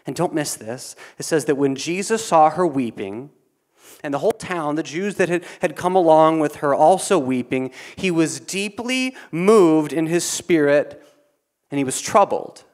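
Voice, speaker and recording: Male pastor, slightly high-pitched, earnest sermon delivery with quiet dips and emphatic builds. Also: expressive, moderate pace. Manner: earnest, repeats words, swings from quiet to emphatic.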